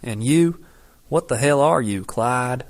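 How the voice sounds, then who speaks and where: A man voicing a frightened, furious young woman in an audiobook, raising his voice high and shrill. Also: animated, slow pace. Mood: panicked, angry.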